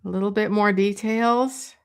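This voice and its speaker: A woman giving a live drawing lesson, thinking aloud as she works, relaxed and chatty with light laughs, often pausing and correcting herself. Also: mid-range voice, clear, resonant tone. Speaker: drawing teacher.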